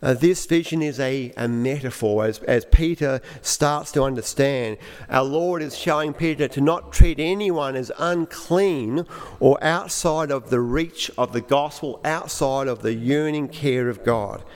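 A man preaching a sermon, explaining scripture in a halting way and often repeating words. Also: mid-range voice, clean tone, in a large hall.

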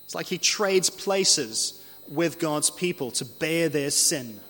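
A man preaching an earnest expository sermon, slowing down to read scripture aloud. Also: fairly high pitch, expressive, a bit bright. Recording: long hall reverb.

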